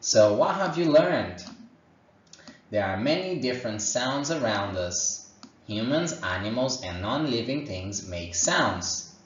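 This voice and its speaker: A male teacher gives an online lesson for young children from a room at home, speaking slowly in a low voice with lively intonation. He's encouraging and sounds out animal noises. The home recording is echoey, distant and dull, with slight background noise.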